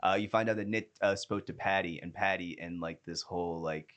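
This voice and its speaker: A man's voice: low-pitched, fairly even intonation, brisk, a bit bright. A man co-hosting a casual TV review podcast, recapping in a loose, rambling way. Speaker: podcast co-host.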